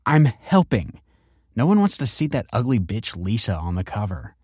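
A man's voice: lowish voice, sing-song, normal speed, a little mellow, slightly rough, dry recording, studio quality. A man voicing a sarcastic rebellious schoolgirl. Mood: defiant, sarcastic. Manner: sarcastic, insolent. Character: defiant foul-mouthed teenage schoolgirl.

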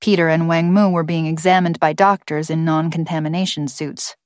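In a low voice, a woman narrates an audiobook in a measured, even storytelling manner. The scripted narration is a dry recording with clean studio sound.

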